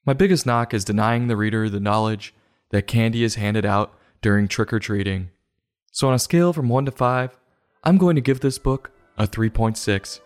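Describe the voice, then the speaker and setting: A man hosting a comic book review show, delivering mock-serious, sarcastic commentary in a deadpan way. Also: lowish voice, normal speed, clean tone, faint music behind. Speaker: host.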